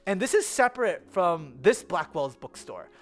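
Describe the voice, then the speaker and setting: Lively young American travel vlogger. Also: mid-range voice, normal speed. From United States. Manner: rambling, filler-heavy, self-correcting. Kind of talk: casual travel vlog chat.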